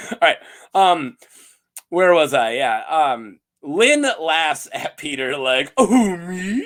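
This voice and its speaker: A man casually recapping fantasy story lore, playful and quick to laugh, with lots of fillers. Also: fairly high pitch. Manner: playful, animated, laughs often, many fillers. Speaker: host of a fantasy lore channel.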